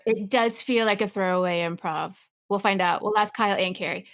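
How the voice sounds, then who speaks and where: A woman's voice: medium pitch, a little fast. A woman from Texas in her thirties, co-hosting a podcast in casual, emphatic chat. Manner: animated, emphatic, jumps between points. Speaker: podcast co-host.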